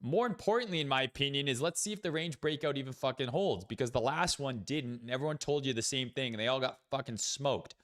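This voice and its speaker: This fast-talking man barely pauses, his mid-range voice carrying a fairly bright tone. Hosting a casual crypto trading stream, he riffs on the market in a blunt, profane way, packing his thoughts with fillers as he goes.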